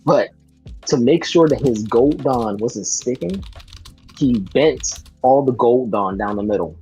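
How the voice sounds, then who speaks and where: A man co-hosting a casual livestream chat, recounting anecdotes in a relaxed way. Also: medium pitch, unhurried, soft background music.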